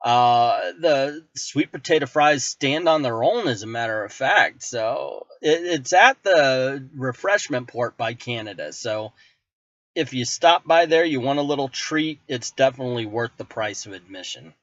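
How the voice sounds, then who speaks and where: A man giving a relaxed, conversational voice-over food review, with self-corrections along the way. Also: medium pitch, measured pace, no echo. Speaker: vlogger host. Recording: dry, muffled lo-fi voice-over.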